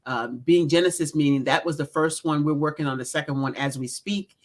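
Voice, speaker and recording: A middle-aged woman, an executive coach and author, speaking as an interview guest in an earnest, measured way. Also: sits low. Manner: earnest, measured, lists things.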